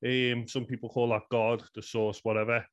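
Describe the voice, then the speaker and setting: A man's voice: medium pitch, little pitch movement, moderate pace, highs cut off. A man in his thirties with a Liverpool accent, earnestly telling a personal story in a rambling way, full of "you know" fillers. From England. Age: 30s. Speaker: guest.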